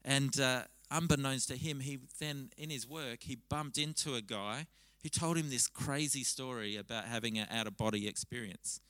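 A man preaching a sermon at a church service, talking conversationally and telling stories with lively restarts. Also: mid-range voice, moderate pace, hardly any pauses, no room sound, poor audio. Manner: conversational, animated storytelling with frequent restarts. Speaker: pastor.

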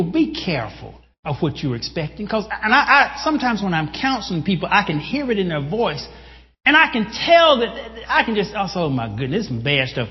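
A male pastor preaching a sermon to a congregation, animated, bursting into shouts and addressing listeners directly. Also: high voice. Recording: dull lo-fi sound with long hall reverb.

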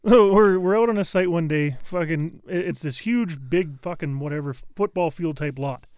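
A man's voice: on the high side, moderate pace, clean tone, dry recording. A man telling crude, profane stories as a podcast co-host, talking with friends around a table. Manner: profane, animated storyteller. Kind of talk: crude casual storytelling. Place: indoor room around a table.

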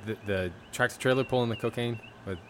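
A man's voice: mid-range voice, fast talker, a bit bright, slight background noise. A man co-hosting a casual movie chat in a laid-back, agreeable way. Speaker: podcast co-host.

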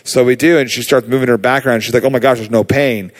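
A man preaching, telling a personal healing story in a casual, animated way with many fillers. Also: medium pitch, quick pace. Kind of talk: sermon testimony.

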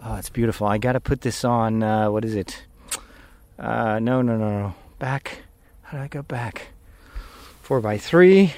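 A priest podcaster recording a casual vlog outdoors while walking, a bit out of breath, talking in a rambling, easily distracted way. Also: male voice, fairly low pitch, unhurried, a little mellow, no echo. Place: outdoors on a walk at sunset.

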